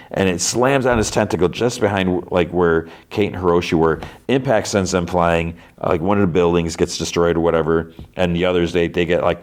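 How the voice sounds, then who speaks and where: Male podcast host, deep voice, casual rambling recap style. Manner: rambling with many fillers, briefly acting out characters' lines in a raised voice.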